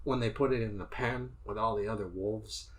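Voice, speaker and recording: A man's voice: on the low side, fairly even intonation, normal speed, fairly bright tone. A man co-hosting a podcast, thinking aloud as he analyzes horror films in a casual discussion. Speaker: podcast co-host.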